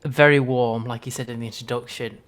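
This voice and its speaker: A man's voice: mid-range voice, steady tone, fairly quick, a bit bright. A young man from Britain co-hosting a film podcast, chatting in an easygoing way. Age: young adult. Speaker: podcast co-host. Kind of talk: casual chat.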